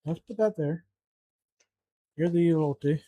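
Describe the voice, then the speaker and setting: A man's voice: on the high side, slow pace, mellow, no echo. A man cooking at home, talking to himself in a flustered, muttering way and swearing often. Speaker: home cook vlogger. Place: home kitchen.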